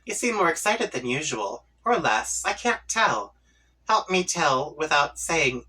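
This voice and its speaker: A man reads a webcomic aloud for his channel in an unhurried, playful way, slipping into voices for the characters' chat lines. His tone is bright and forceful. He sits a little back from the mic. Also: mid-range voice, animated, distant mic, low-quality recording. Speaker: comic reading channel host. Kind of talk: reading a webcomic aloud with reactions.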